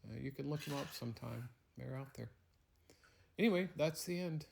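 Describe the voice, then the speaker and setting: A man's voice: mid-range voice, moderate pace, creaky, slight background noise. Playful man telling a bedtime story. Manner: playful, rambling, teasing.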